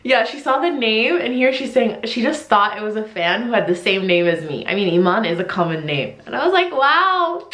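A young woman chatting excitedly in a casual reaction vlog, giggling and squealing now and then. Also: mid-range voice, fairly quick, hardly any pauses. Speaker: vlogger. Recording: echoey room.

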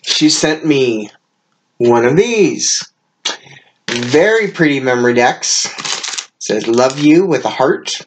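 A woman's voice: a bass voice, lively intonation, slow, long pauses, background noise. A woman unboxing a craft mail package and chatting casually, gushing with frequent exclamations and laughs, sounding tired. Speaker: craft channel host.

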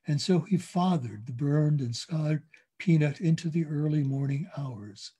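An older man reading a story aloud in a measured, gentle way, then turning to talk with a guest. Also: a little high, slightly rough.

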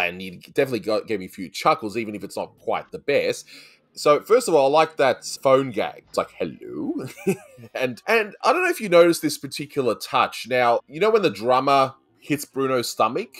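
A man casually chatting through a cartoon review, with a voice that rises and falls a lot. He talks loosely, with restarts and frequent laughs, and slips into quick impressions of the characters. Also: mid-range voice, a bit bright. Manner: chatty, laughs often, quotes lines in funny voices. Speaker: host of a cartoon review show.

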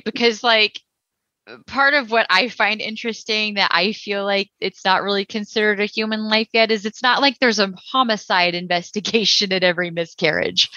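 Bright-voiced chatty woman from Texas. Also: medium pitch, dry recording, dull audio. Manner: chatty, many fillers, opinionated. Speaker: podcast co-host. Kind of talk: casual podcast discussion.

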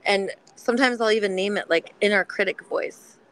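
A woman talking gently and protectively in a supportive heart-to-heart chat, often filling with "like" and "you know". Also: mid-range voice, moderate pace, slight background noise, poor audio. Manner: gentle, nurturing, many filler likes.

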